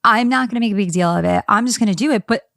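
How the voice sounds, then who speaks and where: A woman co-hosting a podcast, with a New York accent, telling stories in an animated, casual way and swearing now and then. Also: mid-range voice, rapid-fire, gravelly, no echo, studio quality. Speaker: podcast co-host. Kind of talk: casual chat.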